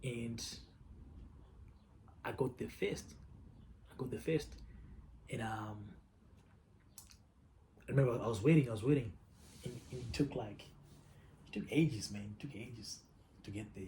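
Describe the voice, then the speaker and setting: Brief: casual male vlogger, mid pitch, candid and profane storyteller. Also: measured pace, pauses often, warm tone, a little hiss or hum. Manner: candid, profane, repeats himself.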